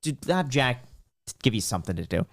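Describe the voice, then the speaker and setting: A man's voice: mid-range voice, very animated, a little fast. A podcast host telling a joking story in casual chat with his guest.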